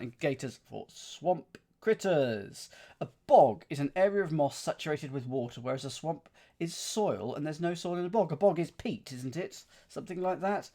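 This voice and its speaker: Lively man puzzling aloud. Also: mid-range voice. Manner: muses and questions himself aloud, with frequent fillers and self-corrections. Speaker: streamer solving crosswords. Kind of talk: thinking aloud while solving, chatting with live chat.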